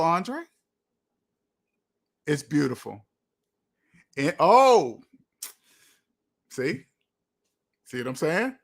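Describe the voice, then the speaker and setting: A man hosting a livestream, answering viewers' comments in an emphatic way, slowing down to stress his points. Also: a little high, a bit bright. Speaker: livestream host. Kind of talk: live chat reading comments.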